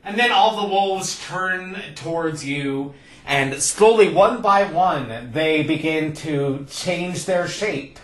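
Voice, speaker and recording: A game master narrating a tabletop game in an unhurried, descriptive way. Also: medium pitch, reverberant. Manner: unhurried, descriptive, with fillers like "kind of".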